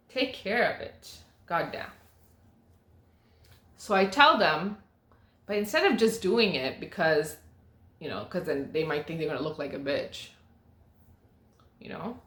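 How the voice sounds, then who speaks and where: A young woman from Canada hosting a podcast, telling stories in a casual, animated way with plenty of swearing and acted-out quotes. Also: fairly low pitch. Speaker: podcast host. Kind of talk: casual storytelling monologue. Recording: echoey room.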